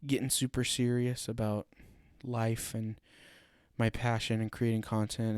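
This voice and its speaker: A man's voice: lowish voice, no room sound, clean studio sound. Profane young man ranting on a podcast. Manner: profane, animated ranting with laughing asides. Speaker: podcast host. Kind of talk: solo podcast rant.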